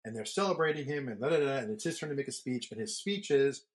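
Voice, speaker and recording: A man's voice: medium pitch, expressive, quick pace. A middle-aged man co-hosting a podcast, telling long, rambling stories in casual chat with the odd swear word. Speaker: podcast co-host.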